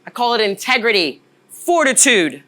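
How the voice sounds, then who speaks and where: A woman's voice: on the high side, very animated, moderate pace, pushed and bright. A woman in her forties giving a motivational workshop talk as a leadership trainer, emphatic and often checking in with "right?". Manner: emphatic, keeps asking "right?" to the audience.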